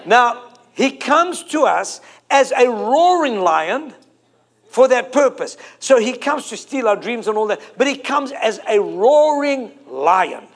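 High-voiced preacher, emphatic. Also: male voice, sing-song, takes it slowly, creaky. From South Africa. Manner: emphatic, repeating phrases and drawing out key words. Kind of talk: sermon.

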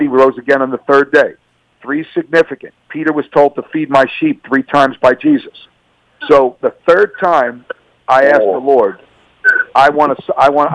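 A man's voice: medium pitch, no room sound, rough recording. A man giving an earnest, emphatic faith testimony as a radio guest, repeating himself and stammering through restarts.

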